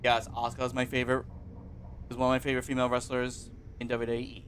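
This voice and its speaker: A streamer talking live while playing a wrestling game, with loud melodramatic apologies and outbursts, recorded on a home desk mic. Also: mid-range voice, completely flat delivery, fast talker, a little hiss or hum. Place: home room with open windows.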